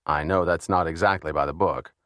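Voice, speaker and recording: A calm male scientist with a dry, wry way of speaking, read by a man. He chooses his words carefully and stays mild. The voice sits low and is recorded dry and close. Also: no echo. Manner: measured, wry. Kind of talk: audiobook character voice.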